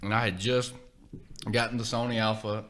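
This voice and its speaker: A man, a podcast guest, chatting casually and telling animated stories. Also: on the low side, normal speed. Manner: animated storytelling, acts out quotes. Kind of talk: casual chat.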